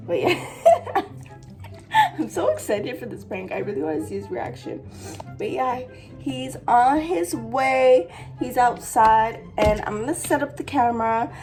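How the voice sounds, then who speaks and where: A woman's voice: fairly high pitch, animated, measured pace, a little mellow, faint music behind. A young woman chatting casually to her camera as a vlogger, giggly and full of fillers, with a stuffy nose from allergies. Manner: giggly, talks with lots of fillers. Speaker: vlogger pranking her boyfriend.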